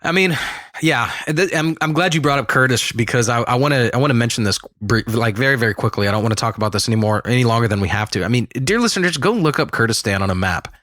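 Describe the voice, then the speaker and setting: A man co-hosting a casual political podcast, talking emphatically with quick asides and restarts. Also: medium pitch, lively intonation, a bit bright, no echo, studio quality. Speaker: podcast co-host.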